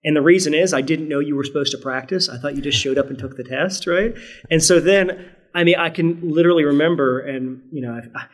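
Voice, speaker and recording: A man's voice: fairly high pitch, fairly quick. A middle-aged man from Virginia with a mostly standard American accent and a faint Southern trace, talking earnestly and reflectively as a podcast guest, often restarting and adding "right?". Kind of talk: conversational podcast interview.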